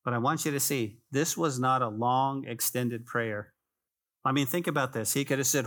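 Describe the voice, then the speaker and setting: A man's voice: mid-range voice, steady tone, moderate pace, fairly bright tone. A man preaching a conversational sermon as pastor, repeating phrases for emphasis and speaking to the congregation as "guys".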